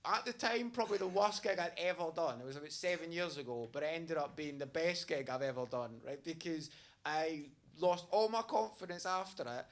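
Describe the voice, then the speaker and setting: A man's voice: fairly high pitch, expressive, a little fast. Chatty man doing stand-up on stage. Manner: chatty, storytelling, frequent "right?" asides. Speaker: stand-up comedian. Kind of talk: stand-up comedy set. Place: comedy stage in front of an audience. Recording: live comedy club with audience laughter.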